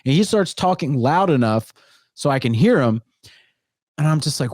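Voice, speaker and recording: A man's voice: fairly high pitch, animated, normal speed, pauses often, darkish tone, no room sound, clean studio sound. A young man co-hosting a podcast in a laid-back, joking way, with many fillers. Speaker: podcast co-host. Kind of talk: casual chat.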